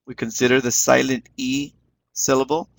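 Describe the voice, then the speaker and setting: A man's voice: mid-range voice, little pitch movement, moderate pace, creaky, no echo. A man leading an online teaching webinar, encouraging the class and repeating words as he explains them. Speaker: webinar instructor.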